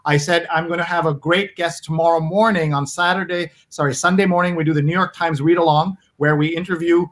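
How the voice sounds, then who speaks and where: A man's voice: on the high side, steady tone, fairly quick, hardly any pauses, fairly bright tone. A man hosting a casual interview over a video call, chatty and eager to promote his show. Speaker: host.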